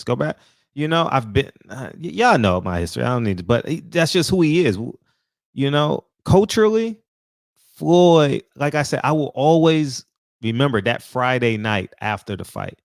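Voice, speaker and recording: A man's voice: mid-range voice, gravelly, dry recording, studio quality. A man hosting a livestream, talking frankly and thinking aloud in casual commentary. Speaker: livestream host.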